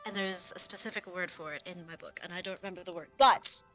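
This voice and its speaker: A woman player describing her character's moves at a tabletop game in an earnest, explaining way. Her voice is bright and crisp, with faint music behind her. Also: lowish voice, fast talker. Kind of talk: casual tabletop chat.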